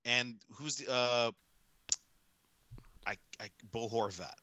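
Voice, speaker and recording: A man's voice: medium pitch, takes it slowly, bright, forceful tone. A man co-hosting a casual sports talk podcast, ranting emphatically and hammering his points with repetition. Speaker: podcast co-host.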